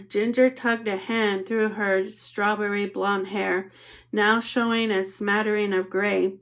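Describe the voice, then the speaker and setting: A woman narrating an audiobook in a steady, matter-of-fact reading. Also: medium pitch, takes it slowly.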